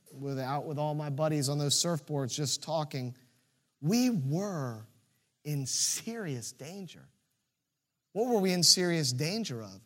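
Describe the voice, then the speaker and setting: A young man from Virginia Beach preaching a sermon, telling a story and acting out the shouted lines. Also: fairly high pitch. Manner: storytelling, acts out shouted quotes. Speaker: pastor.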